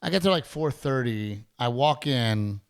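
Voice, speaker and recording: A man's voice: mid-range voice, unhurried, clean tone. A middle-aged man hosting a podcast, telling a story in a casual, rambling way, swearing freely and restarting his sentences often. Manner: profane, rambling, animated storyteller with many restarts. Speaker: podcast host.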